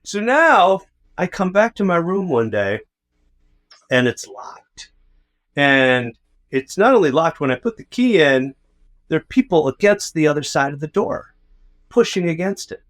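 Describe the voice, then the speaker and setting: A man's voice: on the high side, very animated, a little slow, pauses often, fairly bright tone. A man co-hosting a podcast, telling a rambling, profane, self-mocking story in casual chat. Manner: rambling, profane, self-mocking, acts out his own past outbursts. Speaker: podcast co-host.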